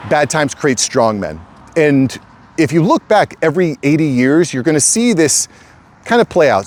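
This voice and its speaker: Speaking straight to his viewers, a middle-aged channel host keeps things casual while repeating himself emphatically and addressing the audience as "guys." His voice is fairly high and slightly mellow.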